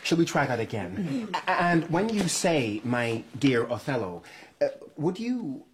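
Earnest American actor, halting and polite, animated delivery, period drama. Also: male voice, mid-range voice, slight background noise. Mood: coaxing. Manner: hesitant, polite, restarts often. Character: earnest American stage actor, man, eager to please. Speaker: lead actor.

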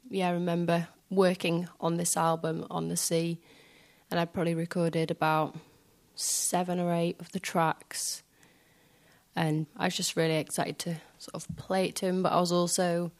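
A woman musician speaking softly and hesitantly in a reflective interview in front of a live audience, filling pauses with small filler phrases. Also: on the low side, level tone, vocal fry. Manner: soft, hesitant, many fillers. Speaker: guest musician.

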